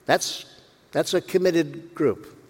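A man's voice: on the high side, slow pace, slightly rough. A man preaching a sermon as pastor, telling the story with humor and acting out voices. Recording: long reverb of a church hall.

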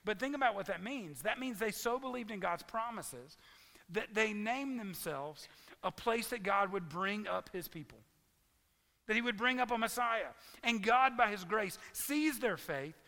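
Bright gravelly preacher in a hall. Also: male voice, high voice, a little slow. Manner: animated storytelling preacher, voices the crowd's lines. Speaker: pastor. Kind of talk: sermon. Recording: long reverb of a large hall.

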